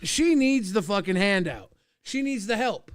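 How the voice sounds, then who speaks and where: A man's voice: sits high, animated, normal speed, smooth, no echo, studio quality. A man co-hosting a livestream, talking casually, defensive and emphatic with profanity. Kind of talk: casual stream chat.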